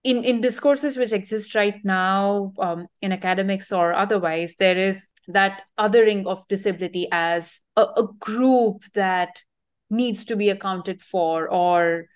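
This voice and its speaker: A woman with a mid-range voice asks a long interview question. She frames it carefully and at a measured pace. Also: medium pitch, smooth.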